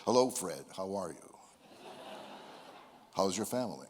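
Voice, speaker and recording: A man putting on a pompous deep announcer. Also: lively intonation, measured pace, a little mellow, a little hiss or hum. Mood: solemn. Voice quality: exaggerated deep, solemn broadcaster delivery. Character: pompous deep-voiced male broadcast announcer. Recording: long hall reverb.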